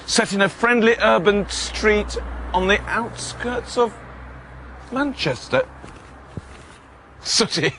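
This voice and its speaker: A man's voice: high voice, slow pace, pauses often, bright, forceful tone, slight background noise. A man presenting a children's puppet show in a chatty, jokey, exclaiming manner.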